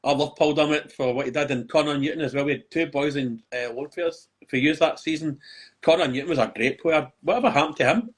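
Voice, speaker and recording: A Scottish man in casual podcast chat, his voice husky and sitting a little high. He swears freely and tells stories by playing out every line of the dialogue himself. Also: fast talker. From Scotland. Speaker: podcast co-host.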